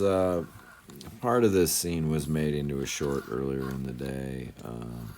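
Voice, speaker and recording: A man's voice: extremely low pitch, background noise. A man giving casual voice-over commentary as a channel host, rambling and laid-back with lots of fillers.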